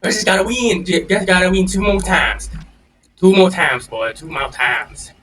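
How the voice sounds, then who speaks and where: A young man giving casual gameplay commentary, excitable, swearing and trash-talking with lots of slang. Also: high-pitched, normal speed. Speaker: gaming channel host. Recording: distant mic with game music behind.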